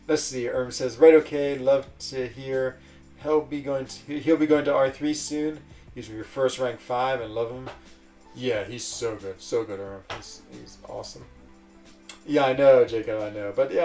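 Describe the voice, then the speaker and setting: Chatty man streaming with gravelly voice. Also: medium pitch, darkish tone, far from the mic. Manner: chatty, rambling, answers chat messages. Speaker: streamer reading chat. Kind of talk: casual live-stream chat. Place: lives in a village in Switzerland.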